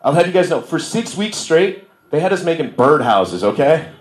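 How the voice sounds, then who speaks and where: A man's voice: a little high, sing-song, moderate pace. A man in his thirties doing a stand-up comedy set in a bar, loose and self-deprecating, often laughing at his own jokes. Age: 30s. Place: bar room with a live audience. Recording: roomy live venue sound.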